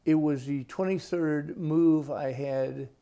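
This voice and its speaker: A man in his sixties, an author interviewed at his home, telling stories in an unhurried, folksy way. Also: a little high, fairly even intonation, dark tone. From United States. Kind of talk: relaxed storytelling interview.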